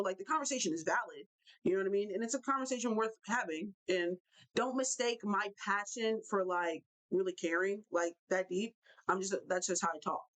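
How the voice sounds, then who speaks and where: A young woman hosting a live basketball talk show, ranting in an animated way and repeating herself for emphasis. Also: mid-range voice, low-quality recording. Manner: animated, repetitive, fired-up ranting. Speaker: show host.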